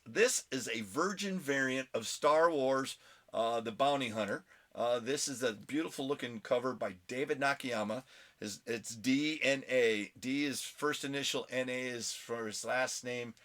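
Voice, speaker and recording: A man's voice: medium pitch, a bit bright. A man hosting a casual comic book collecting vlog at home, rambling and chatty with self-mocking asides. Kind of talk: casual show-and-tell vlog.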